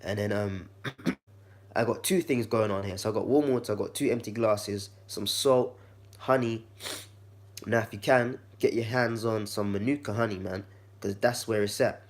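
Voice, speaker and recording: A man with a slightly croaky, congested voice, giving a laid-back how-to demonstration in his kitchen and talking to the viewer like a friend. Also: on the low side, moderate pace. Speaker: vlogger.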